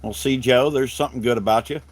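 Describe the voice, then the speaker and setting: A man's voice: mid-range voice, fairly even intonation, fast talker, slight background noise. A middle-aged man from South Carolina with a Southern accent, chatting casually with viewers on his livestream in a folksy, rambling way. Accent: Southern American. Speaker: livestream host.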